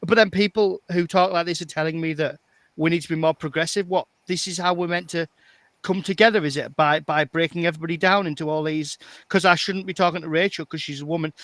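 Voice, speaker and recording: A man's voice: on the high side, fairly bright tone, no echo. A man co-hosting a podcast, talking in an emphatic, exasperated way and repeating himself as he makes his point. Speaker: podcast co-host. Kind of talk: opinionated casual chat.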